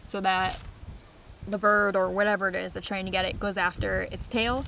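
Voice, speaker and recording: A young woman vlogging outdoors on a farm, casually telling funny stories with lots of laughs and excited squeals. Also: mid-range voice, moderate pace, gravelly, slight background noise, rough recording. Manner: animated, laughing, squealing when retelling scares. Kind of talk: casual storytelling vlog.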